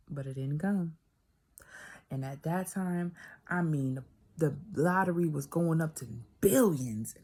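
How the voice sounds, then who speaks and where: A woman telling a personal faith story in a casual, animated way, repeating phrases and dropping into whispers for emphasis. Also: on the low side, unhurried, long pauses. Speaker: vlogger telling a personal testimony.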